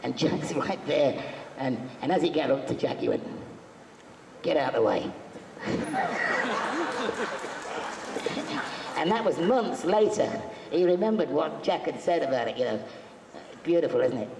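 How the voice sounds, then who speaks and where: Slightly high and sing-song, this man speaks at a measured pace with long pauses and a darkish tone. As a convention panel guest, he tells playful, conversational anecdotes to a live crowd, performing the quoted lines, in an echoey hall with faint background noise.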